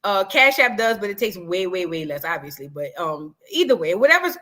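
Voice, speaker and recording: A woman's voice: medium pitch, sing-song, brisk, sharp tone. A woman hosting a casual livestream, chatty and sassy, reading out super chats and thanking viewers. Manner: chatty, sassy, calls viewers girl and boo. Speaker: livestream commentary host.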